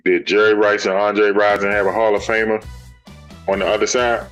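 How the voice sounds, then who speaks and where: A man's voice: on the low side, little pitch movement, normal speed, fairly bright tone, faint music behind. A man co-hosting a sports talk show, making emphatic, informal points in a heated debate.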